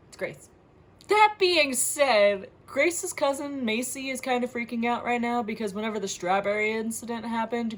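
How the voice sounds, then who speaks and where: A woman recapping a book in a casual, comedic way, sarcastic and often laughing as she talks. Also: mid-range voice. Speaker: book reviewer.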